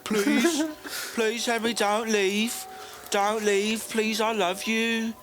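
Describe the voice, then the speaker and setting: A man's voice: high voice, flat delivery, slow pace, a bit bright, slight background noise, voice pushed up, poor audio. A man doing a begging Midlands woman. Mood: pleading. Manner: begging, whiny. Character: pleading lovesick working-class woman.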